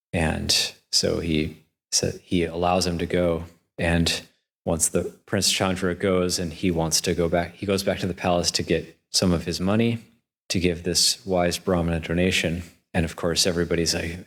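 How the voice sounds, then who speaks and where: A man, a monk, telling a story in a Dhamma talk in an unhurried, conversational way. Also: low-pitched, little pitch movement. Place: monastery hall.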